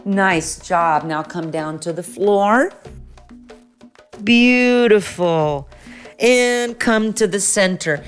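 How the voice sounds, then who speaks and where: Woman, middle-aged, kids' movement teacher, encouraging, playful, medium pitch, faint background music. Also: slow pace, few pauses. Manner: encouraging, praising often, playful. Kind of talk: guided stretching instruction for kids.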